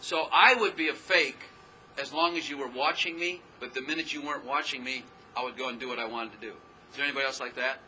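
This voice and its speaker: A man's voice: medium pitch, fairly even intonation, fast talker, pushed and bright, a little hiss or hum, poor audio. A man preaching a casual, rambling sermon as pastor, often laughing at himself as he talks.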